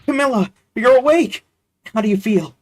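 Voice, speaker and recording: A man's voice: high voice, sing-song, moderate pace, voice pushed up. A man voicing an earnest, caring young woman in a game read-through, speaking in a reassuring way.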